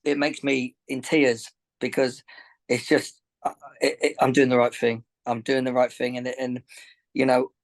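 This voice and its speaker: A man's voice: mid-range voice, flat delivery, a little slow, poor audio. A man, a boxing coach and gym owner, talks earnestly in a podcast interview, rambling, repeating himself and getting emotional.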